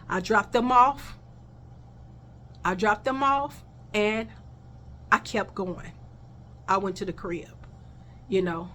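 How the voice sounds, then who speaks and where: A woman's voice: medium pitch, fairly bright tone, slight background noise. A woman telling a personal story in a casual vlog, blunt and heated, swearing freely and talking straight to her viewers.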